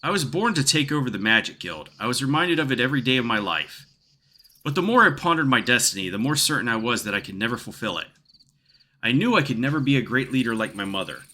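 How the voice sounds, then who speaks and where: A man voicing a gentle, earnest young woman mage from a fantasy game, reading her reflective lines softly. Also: medium pitch, lively intonation, fast talker.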